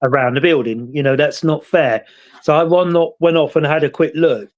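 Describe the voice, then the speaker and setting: A man's voice: a little high, moderate pace. A man with a British accent, hosting a casual chat and telling stories in a rambling, reflective way. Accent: British English. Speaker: host.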